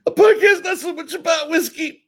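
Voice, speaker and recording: Middle-aged guy hosting a podcast, high voice, gets really animated and laughs a lot. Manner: animated, laughing, voice jumps high when excited. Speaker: podcast host. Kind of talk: casual storytelling monologue.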